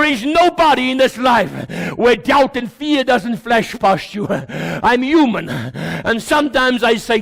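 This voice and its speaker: Fervent South African pastor with gravelly voice. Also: male voice, extremely high pitch, very animated, slow pace. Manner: impassioned, repeats words, swings from quiet to shouting. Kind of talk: sermon. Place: church before a congregation.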